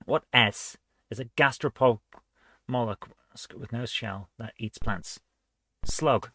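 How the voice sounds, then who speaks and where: Bright-voiced male retro gaming host. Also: medium pitch, takes it slowly, no echo. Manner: reads quiz questions aloud, chatty, laughs at own guesses. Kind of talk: casual let's-play commentary.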